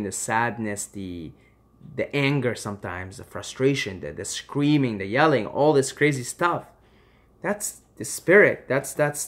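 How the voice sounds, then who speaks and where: Emphatic swearing man urging listeners. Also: mid-range voice. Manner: emphatic, swings from loud urging to quiet reassurance, swears freely. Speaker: vlogger. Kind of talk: impassioned advice monologue.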